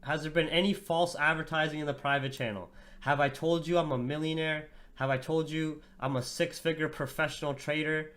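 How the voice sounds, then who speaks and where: Man, tired livestream host, casual and profane, slangy market chat, slightly high voice. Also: fairly even intonation, fairly quick, a bit bright. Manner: profane, slangy, chats with viewers as "bro".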